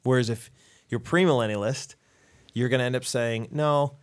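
A man's voice: mid-range voice, steady tone, normal speed. A man co-hosting a podcast, talking casually and explaining ideas with quoted asides. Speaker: podcast co-host. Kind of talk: casual theological discussion.

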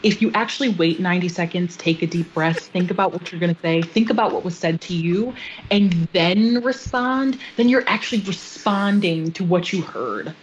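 A woman co-hosting a podcast in casual chat, explaining things in a measured, counselor-like way. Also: on the low side, muffled recording, a little hiss or hum. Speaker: podcast co-host.

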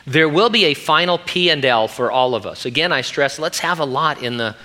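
A man's voice: fairly high pitch, expressive, brisk, pushed and bright. A middle-aged man who is a pastor, preaching an earnest, emphatic sermon.

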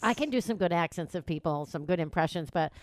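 A woman's voice: on the low side, animated, fast, dry recording. A woman hosting a radio show, chatting casually, laughing often and rambling. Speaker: radio host.

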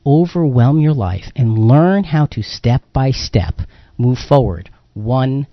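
A man's voice: medium pitch, expressive, slow pace, dull audio. Earnest radio co-host, a man. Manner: earnest, addresses listeners directly. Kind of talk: radio talk show commentary.

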